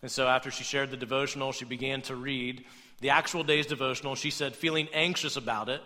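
A man's voice: mid-range voice, quick pace, in a large hall. A young adult man preaching a conversational sermon, often checking in with "right?". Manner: conversational, animated, tags points with "right?". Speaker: pastor.

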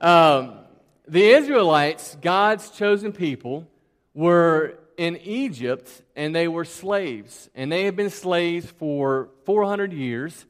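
A man giving a children's sermon in a church, telling personal stories in a chatty, animated way with lots of repeated words. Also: fairly high pitch, slow, long reverb tail. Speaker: preacher.

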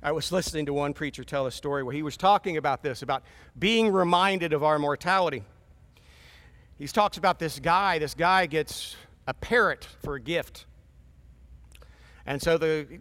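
A man's voice: on the high side, fairly bright tone. A man in his fifties preaching a sermon in a conversational, storytelling way with wry asides. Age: 50s.

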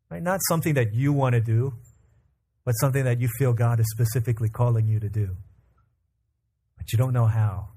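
A man preaching a sermon as pastor, calmly telling a family story and leading the congregation into prayer. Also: mid-range voice, fairly quick, slight background noise. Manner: calm storyteller who acts out family dialogue.

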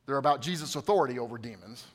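A man preaching a sermon to his congregation, swinging from loud emphatic peaks to quiet hushed asides and coaxing responses from the room. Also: mid-range voice, animated, rapid-fire. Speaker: pastor.

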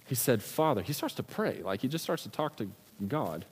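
A man's voice: medium pitch, animated, fast talker. A man preaching a sermon, retelling the scripture story in a casual, slangy storytelling manner. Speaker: pastor. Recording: long reverb of a large hall.

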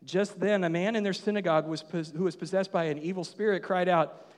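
A man preaching a sermon as pastor, telling the story with lively, acted-out asides and conversational questions to the congregation. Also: high voice, fast. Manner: animated storytelling, acting out voices in quotes. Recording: long hall reverb.

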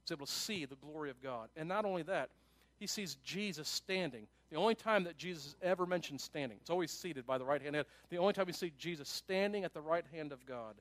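A man pastor preaching a sermon in an animated, conversational way, with asides to his listeners. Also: fairly high pitch, fast.

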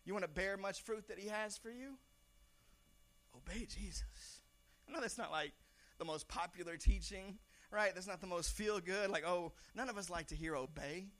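A young pastor preaches a sermon in a church, talking conversationally in a high-pitched voice at normal speed. He stumbles over repeated words and now and then shouts lines for emphasis.

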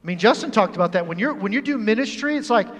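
A high-pitched male pastor preaches a sermon quickly and with animated humor, acting out the scenes of his story. The sanctuary gives his voice a long, ringing hall reverb.

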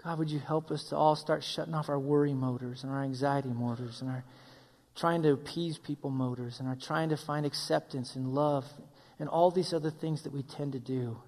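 Pastor guy preaching, high voice, big hall reverb, asks the crowd's questions himself. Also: steady tone, a little fast, darkish tone. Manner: preaching with questions voiced for the listeners, ends in prayer. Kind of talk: sermon.

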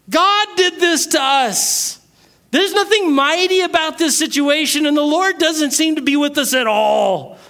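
A man's voice: very high voice, pushed and bright, pitched above the performer's own voice, heavily acted. A man voicing a timid, doubting young man who complains incredulously during a sermon.

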